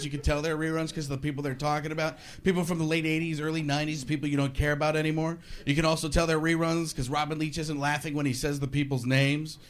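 A man performing a stand-up comedy routine, ranting and slipping into voices on stage. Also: on the high side. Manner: rants, switches into voices. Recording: live stage with crowd laughter. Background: audience laughing.

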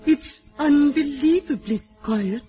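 A woman's voice: sits high, takes it slowly, soft background music. An actress playing a woman reading romantic stage lines in a stilted, melodramatic way. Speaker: amateur actress. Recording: dull old TV sitcom recording.

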